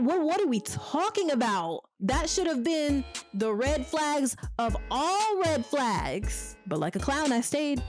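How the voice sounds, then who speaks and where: A young woman telling a storytime tale in a blunt, animated and profane way, with laughing asides. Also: a little high. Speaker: vlogger. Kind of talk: casual storytime.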